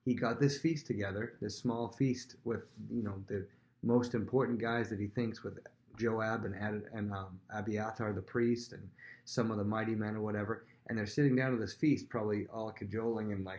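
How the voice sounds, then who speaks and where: A man with a fairly low voice walks his students through a Bible story in a relaxed, chatty way. He pauses with plenty of ums and slips into short acted-out voices for the people in the story. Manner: chatty, many fillers, acts out quotes in voices. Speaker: teacher. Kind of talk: casual Bible lesson retelling.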